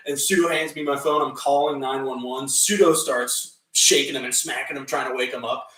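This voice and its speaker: A young man co-hosting a podcast, telling a story casually, animated and swearing, often laughing and acting out other people's voices. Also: medium pitch, normal speed, reverberant, recorded from a distance, poor audio. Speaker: podcast co-host.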